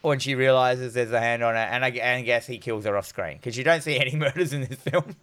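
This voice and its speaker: A man's voice: mid-range voice, quick pace, fairly bright tone. A man casually recapping a movie with a co-host, crude and joking, acting out the characters' lines. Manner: crude, joking, retells scenes in quoted voices. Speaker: podcast co-host.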